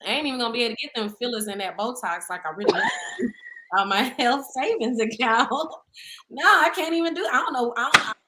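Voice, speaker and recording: There's a little hiss or hum behind a woman in her 30s whose voice is a little high and brisk. She co-hosts a casual podcast, telling stories with plenty of laughter and acted-out quotes.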